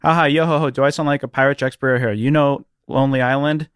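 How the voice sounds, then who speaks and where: A man's voice: medium pitch, steady tone, fast talker, a bit bright, smooth, dry recording, clean studio sound. A man co-hosting a comedy podcast, goofy, reading aloud what he types. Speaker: podcast co-host. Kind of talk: comedic banter.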